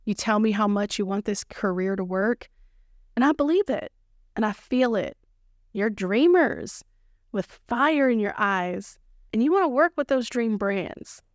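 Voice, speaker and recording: A woman's voice: medium pitch, lively intonation, measured pace, dry recording, studio quality. A woman hosting a solo podcast, talking straight to her listeners in a playful, upbeat, coaching way and enjoying corny jokes. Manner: coaching, encouraging listeners directly. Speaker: podcast host. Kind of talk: solo motivational podcast monologue.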